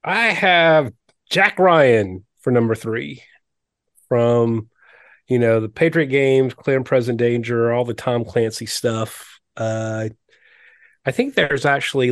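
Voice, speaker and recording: A man co-hosting a casual podcast, talking slowly and searching for words with many fillers. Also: medium pitch, no room sound, clean studio sound. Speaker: podcast co-host. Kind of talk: casual chat.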